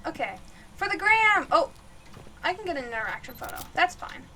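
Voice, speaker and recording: A woman streamer chatting through a horror game live, jumpy and giggly, yelling out to the ghost now and then. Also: very high voice, very animated, brisk, slight background noise. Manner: chatty, jumpy, laughs often, calls out loudly to the ghost.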